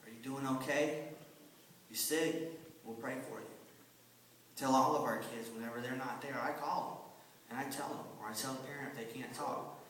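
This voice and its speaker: A man's voice: mid-range voice, steady tone, moderate pace, long pauses, fairly bright tone, slight background noise. A man who teaches a children's church class, giving an earnest testimony with lots of repetition for emphasis. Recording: echoey hall from far off.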